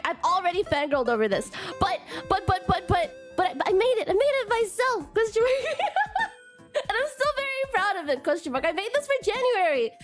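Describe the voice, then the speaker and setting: A young woman hosting a live stream, bubbly and nervous, tripping over her words and tacking a cute "question mark" onto her sentences, her voice strained from a recent illness. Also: very high voice. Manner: bubbly, nervous, keeps adding a cutesy "question mark" tag; stumbles and repeats words. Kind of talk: casual live-stream chat.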